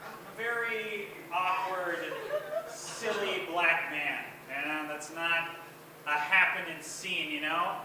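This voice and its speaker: A man's voice: sits high, steady tone, takes it slowly, heavy background noise. A man doing a stand-up set at an open mic, awkward and self-mocking, rambling with lots of fillers. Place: bar open mic stage. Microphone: stage microphone in a bar. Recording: echoey bar recorded from far off.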